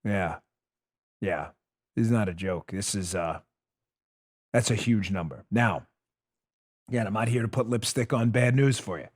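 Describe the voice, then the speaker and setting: A man hosting a political talk show, delivering an emphatic monologue straight to his listeners, dropping low and quiet and then building up loud. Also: a little slow, long pauses. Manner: emphatic, swings between hushed and raised; addresses listeners directly.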